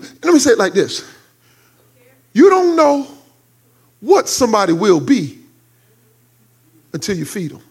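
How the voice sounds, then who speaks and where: A male pastor preaching a sermon, shouting and half-singing his lines in a rising cadence, talking in casual vernacular. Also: sits high, husky. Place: church.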